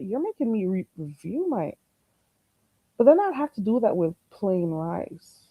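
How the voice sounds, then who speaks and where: A sassy, blunt woman chats casually with her livestream viewers. Her pitch swoops widely as she talks. The sound is dry and close. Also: normal speed, no echo, lo-fi sound. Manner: blunt and sassy, with lots of "baby" and "you hear me"; animated, swinging between loud outbursts and laughter. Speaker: livestream host.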